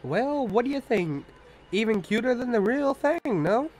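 A man's voice: extremely high pitch, lively intonation, normal speed, darkish tone, low-quality recording. A man voicing a boastful tiny male wandering artist, reading game dialogue aloud in a brash, cocky manner.

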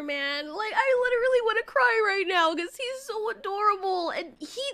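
A woman's voice: very high-pitched, expressive, brisk, few pauses, sharp tone. A woman giving casual, emotional movie commentary, swearing and exclaiming as she reacts.

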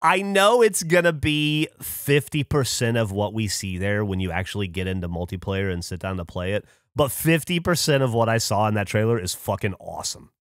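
A man's voice: lowish voice, expressive, a little fast, few pauses, no echo. Male podcast co-host, loose and profane, dry close mic. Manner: rambling, swears freely, laughs often. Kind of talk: casual chat.

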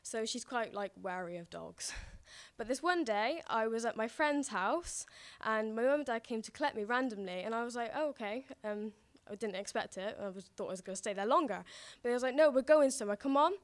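A woman's voice: on the high side, lively intonation, brisk. A young woman telling a personal story on stage, giggling often between phrases. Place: stage before a live audience.

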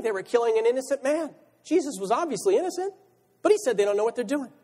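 A man's voice: sits high, lively intonation, a little fast, warm tone. A male pastor preaching a sermon, reading scripture aloud and asking rhetorical questions. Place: church sanctuary. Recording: church hall reverb.

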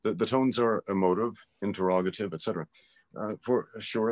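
A man's voice: fairly low pitch, a little fast, a little mellow. A man in a casual interview conversation, explaining his views emphatically and with strong opinions.

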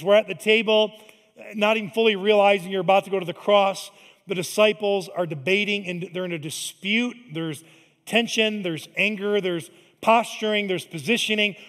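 Pastor, male, conversational preacher, loud then hushed, church hall echo. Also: sits high. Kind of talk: sermon. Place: large church sanctuary. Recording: long hall reverb.

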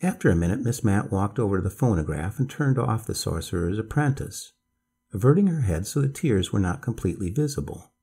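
A man calmly reading a bedtime story aloud as narrator, in a measured storytelling voice. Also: fairly low pitch, vocal fry, breathy edge.

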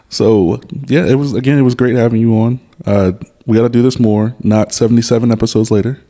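Male podcast host, dark warm tone, relaxed chat. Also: medium pitch, fairly quick. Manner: relaxed, brief agreeing replies. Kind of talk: casual chat.

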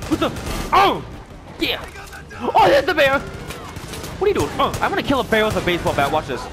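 A young man giving let's-play commentary, excitable and joking, often yelling and reacting loudly. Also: very high voice, moderate pace, music in the background. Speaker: gaming YouTuber.

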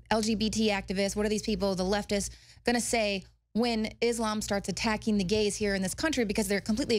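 A woman's voice: medium pitch, dry recording. A woman co-hosting a heated political talk show, speaking in an indignant, emphatic way. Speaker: co-host.

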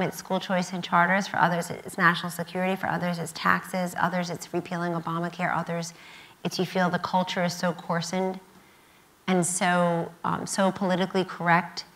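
A woman's voice: on the low side, fairly bright tone, poor audio. A woman in her fifties speaking on stage at a student conference, emphatic and repeating key phrases. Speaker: guest speaker. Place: university event stage.

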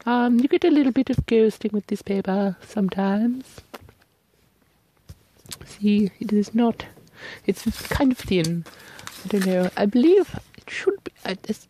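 A young woman reviewing ink and paper in a casual, gushing and playful way, sometimes dropping into hushed whispers. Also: fairly high pitch, poor audio.

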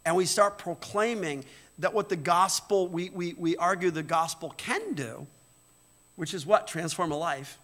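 An older man preaching a sermon from the pulpit, animated, swinging between loud exclamations and quiet reflection. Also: high-pitched, unhurried. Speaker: pastor. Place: church sanctuary. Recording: church hall reverb.

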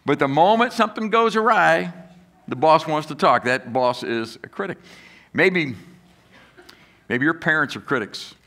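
A man's voice: on the high side, lively intonation, a little slow, long pauses, bright, forceful tone. A man preaching a sermon as pastor, talking conversationally and asking the congregation questions. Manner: acts out critics' voices in quotes.

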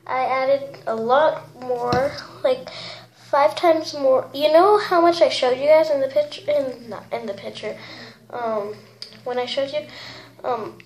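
A woman's voice: high voice, a little slow. A young woman casually filming a craft tutorial, giggling, unsure of herself and often saying sorry. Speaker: vlogger. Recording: echoey room with loud noise.

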